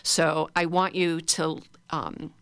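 A woman's voice: low-pitched, little pitch movement, takes it slowly, gravelly, a bit bright, smooth, no room sound, clean studio sound. A woman leading a guided laughter exercise for a group, coaxing and playful. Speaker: laughter yoga leader.

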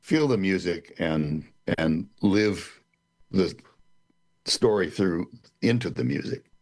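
A man's voice: low-pitched, takes it slowly. A male storyteller in an interview, explaining his thinking carefully and searching for words. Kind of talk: casual interview chat.

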